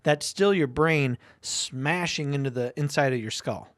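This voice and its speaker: A man's voice: mid-range voice, a little slow, fairly bright tone, no room sound, studio quality. A man co-hosting a talk show, arguing bluntly and provocatively, with frequent swearing. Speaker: podcast co-host. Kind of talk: opinionated casual talk.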